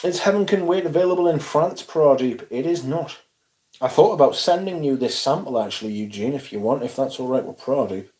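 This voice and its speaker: A man hosting a casual livestream, chatting and answering viewers in an animated, exclamatory way and swearing freely. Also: mid-range voice, a little fast, husky. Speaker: livestream host. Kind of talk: casual livestream chat, reading viewer comments.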